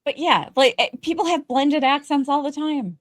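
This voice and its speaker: A woman's voice: high voice, moderate pace, dry recording. Emphatic woman, dry close sound. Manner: emphatic, frequent restarts. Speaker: podcast co-host. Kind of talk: casual chat reviewing a TV show.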